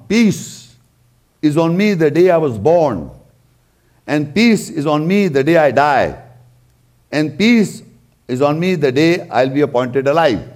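A man with a fairly high, darkish-toned voice gives a religious lecture of scripture commentary. He explains the text verse by verse, repeating key points to stress them.

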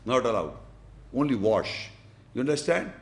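A man's voice: medium pitch, big pitch swings, moderate pace, vocal fry. A man giving a religious lesson, explaining and demonstrating step by step with emphatic, repeated instructions. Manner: emphatic, repetitive, demonstrates with gestures. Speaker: Islamic teacher.

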